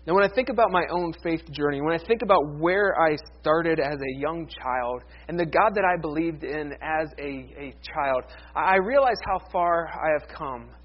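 Guy pastor with a high voice giving a chatty animated sermon, kinda muffled lo-fi sound. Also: moderate pace, few pauses. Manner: conversational, animated, with playful paraphrases.

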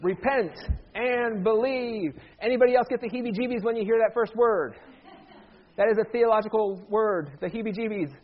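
A man with a high voice preaches to his congregation in a relaxed, conversational way, slipping in jokes along the way. The sound is dull and lo-fi, like a church sermon recording. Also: quick pace. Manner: conversational, joking asides. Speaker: pastor.

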